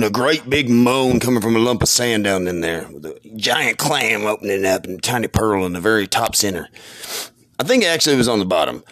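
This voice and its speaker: A man's voice: medium pitch, a bit bright, dry recording. A man drawling an improvised comic story in a voice message, meandering and trailing off into fillers. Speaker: voice message caller.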